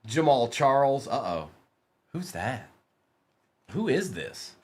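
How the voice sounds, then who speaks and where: Casting: male card-break streamer, lively pitch swings, quick excitable banter with chat. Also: slightly rough.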